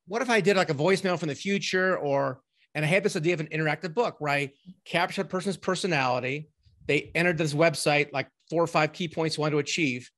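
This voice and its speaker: A middle-aged man talking as a guest on a remote interview, telling long stories in a rambling, animated way with many fillers and restarts. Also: fairly high pitch. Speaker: podcast guest, ghostwriting company owner. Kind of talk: casual interview storytelling.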